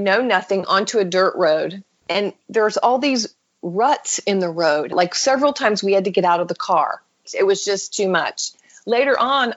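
A woman's voice: medium pitch, husky, dull audio. A woman guest telling an emotional personal story, acting out the voices of the people in it. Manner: vivid storyteller, acts out quoted voices. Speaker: podcast guest.

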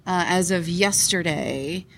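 Recording live at a convention from behind a curtain in the hall, a podcast co-host chats eagerly, full of fillers and giggles. Her voice is fairly low and a bit bright, and she speaks slowly.

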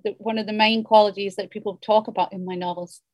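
A woman's voice: mid-range voice, steady tone, quick pace, darkish tone, dry recording. A woman in her fifties, a novelist, musing in a rambling interview with many restarts. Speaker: novelist guest. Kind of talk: reflective interview conversation.

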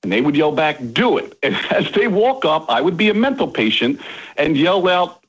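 A man in his forties, a dive bar owner and guest, telling stories in casual podcast chat, animated and acting out his kids. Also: on the high side, moderate pace, husky, dull audio.

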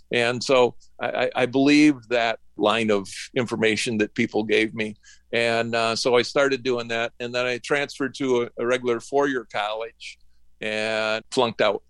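A middle-aged man from northern Michigan tells his story in a rambling, folksy way, slipping into the voices of the people he quotes. His pitch sits in an ordinary middle range. The sound is dry and close, with no room around it. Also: gravelly, fairly bright tone, dry recording. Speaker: interview guest, woodworking business owner. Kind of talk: casual storytelling interview.

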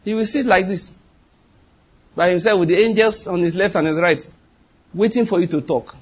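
A middle-aged man, preaching an animated sermon with sudden leaps in pitch and acted-out dialogue. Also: normal speed, husky. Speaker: pastor.

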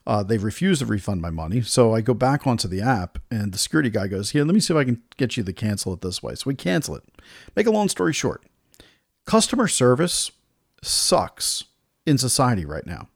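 Male podcast host, gravelly, lively delivery, dry close sound, exasperated storyteller. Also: mid-range voice, fairly quick, no room sound. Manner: exasperated, retells dialogue in other voices. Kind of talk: casual storytelling rant.

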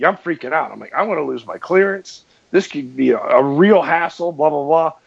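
A man's voice: a little high, vocal fry. A man telling a long story in casual chat, acting out the dialogue and laughing often. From New England. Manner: animated, laughing storyteller who acts out the dialogue. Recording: muffled lo-fi sound.

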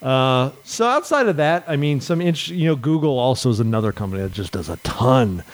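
A man co-hosting a casual chat, telling stories in an animated way and breaking into high-pitched impressions of other people. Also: fairly quick. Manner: animated storyteller, mimics people in high voices.

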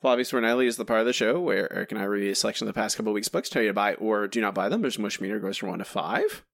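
A man co-hosting a casual comics podcast, talking quickly and joking with his co-host. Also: lowish voice, creaky, fairly bright tone. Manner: quick, joking, laughs often.

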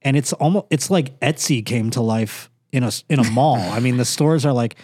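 A man's voice: mid-range voice, moderate pace, dry recording, studio quality. A comedian man chatting casually on a podcast, acting out quoted voices as he tells stories. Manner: animated, acts out quoted voices. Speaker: comedian guest. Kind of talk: casual chat.

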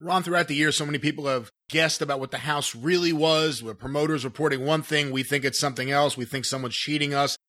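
A male interviewer fires off probing questions at a brisk clip. His voice is bright and a touch high. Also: fairly even intonation.

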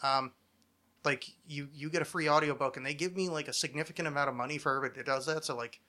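A man's voice: a little high, fairly even intonation, quick pace, bright, forceful tone. Jokey, rambling podcast host man. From New Jersey, US. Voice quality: light, not resonant. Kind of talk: casual podcast chat.

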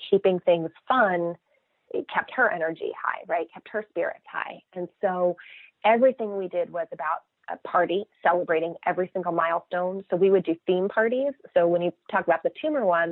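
Middle-aged woman guest, expressive storyteller, slightly low voice, thin phone-line audio. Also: brisk, dry recording. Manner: lively, expressive, acts out quoted voices. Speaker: guest, mother of a child cancer patient. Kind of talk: casual interview storytelling. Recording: tinny phone-line sound, dry.

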